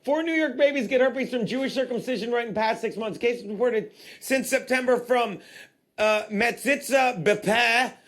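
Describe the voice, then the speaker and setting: A man's voice: extremely high pitch, fairly quick. A male podcast host in casual comedic banter, laughing in disbelief as he reads a news article aloud.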